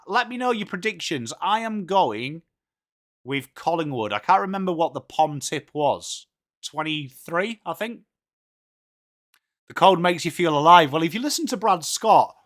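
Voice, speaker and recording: Chatty English man, slightly high voice. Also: fairly bright tone. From England. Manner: chatty, greets viewers by name, says mate a lot. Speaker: livestream host. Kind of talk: casual live watchalong chat.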